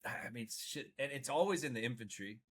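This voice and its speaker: A man's voice: medium pitch, a little fast. A man, a Marine veteran guest on a podcast, telling stories in casual chat, swearing freely, laughing along and restarting his words often.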